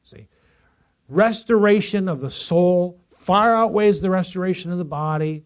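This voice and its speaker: A man pastor preaching a storytelling sermon, swinging from loud emphasis to quiet asides. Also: sits high, measured pace.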